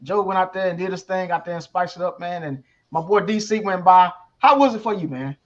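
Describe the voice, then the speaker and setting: A man's voice: high-pitched, fairly quick. A man co-hosting a casual sports radio show, hyping the sponsor and chuckling along with his co-host. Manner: laid-back, eager hype, chuckles, fills in names. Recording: dull lo-fi sound.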